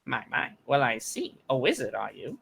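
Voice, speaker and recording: A man voicing a stocky male gnome alchemist with a mousy, squeaky voice and a fussy, curious shopkeeper manner. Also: wildly swooping pitch, normal speed, vocal fry, fairly bright tone, husky, full character voice.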